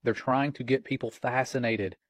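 A middle-aged man co-hosts a Christian watchman podcast, his voice at a medium pitch with fairly even intonation and a moderate pace. He sounds earnest and alarmed as he reads chat quotes aloud in casual religious commentary. There is no echo.

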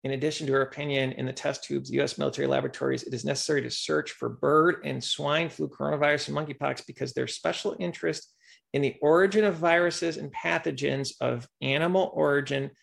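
A man's voice: a little high, steady tone, fast talker, gravelly, fairly bright tone. A man hosting a podcast, talking in a rambling way and reading news articles aloud. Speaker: podcast host. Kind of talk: conspiracy commentary podcast.

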